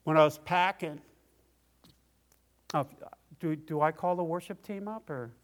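A man preaching a personal testimony sermon, tearful and halting, restarting his phrases often. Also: fairly high pitch.

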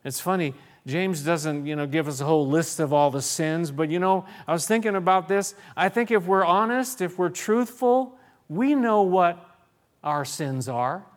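A man preaches a sermon in an earnest way, reading scripture aloud and often stopping to restart a phrase. His voice sits a little high for a man. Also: moderate pace. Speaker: pastor.

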